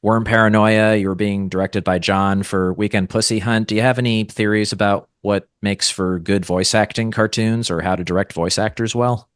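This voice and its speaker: A man's voice: on the low side, steady tone, normal speed, hardly any pauses, clean tone, no echo, clean studio sound. A man hosting an interview, asking enthusiastic, admiring questions. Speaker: interviewer, channel host.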